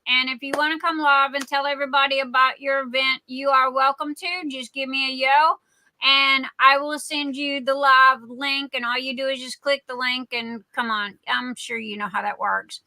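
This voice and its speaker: A woman's voice: high-pitched, sharp tone, no room sound. A woman with a Southern accent hosting a casual livestream, rambling and chatty as she greets viewers by name with endearments like darling and sweetheart. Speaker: livestream host.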